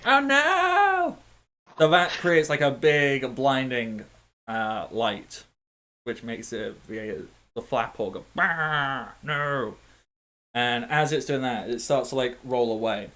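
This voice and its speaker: A man narrating as game master in a tabletop game, animated and playful, with sound effects. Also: mid-range voice, a little slow.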